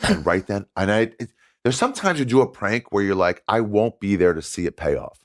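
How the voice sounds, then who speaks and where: A man telling a story in casual chat, animated and laughing often as he talks. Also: fairly low pitch, a little fast, no echo, clean studio sound. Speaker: guest comedian.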